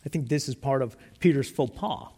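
A man preaching a sermon, retelling stories in a conversational, animated way with frequent restarts. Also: medium pitch, fairly quick, breathy edge, in a large hall. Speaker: pastor.

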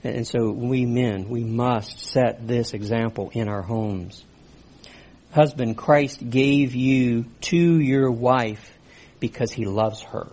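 A man's voice: mid-range voice, darkish tone. A man preaching a sermon, earnest, stressing his points and speaking directly to the men in the congregation. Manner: earnest preaching with rising emphasis and asides to the men. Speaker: pastor.

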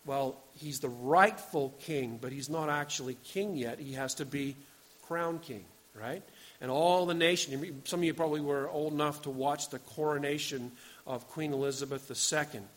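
A man in his forties preaching a sermon, earnest, moving between loud urging and quiet storytelling. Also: on the high side, normal speed. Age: 40s. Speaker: pastor.

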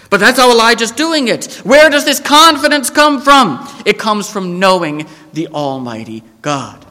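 A man preaching a sermon, animated and emphatic, quoting scripture and acting out the story. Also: sits high, long reverb tail. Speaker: pastor.

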